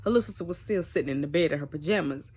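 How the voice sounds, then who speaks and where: Young woman vlogger, slightly low voice, chatty and animated storytime delivery. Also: racing, slightly rough. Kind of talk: casual storytime.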